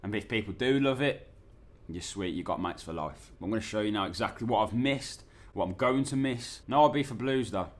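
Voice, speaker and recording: A man's voice: fairly low pitch, brisk. A young man, talking in a chatty, rambling and sweary way in a casual travel vlog. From England. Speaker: vlogger.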